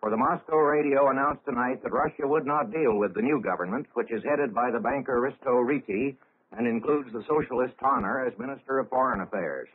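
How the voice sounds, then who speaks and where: A man reading a 1930s radio news bulletin in a measured, formal way with dry, wry asides. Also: mid-range voice, slightly rough. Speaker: radio newscaster. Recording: tinny lo-fi 1930s radio broadcast.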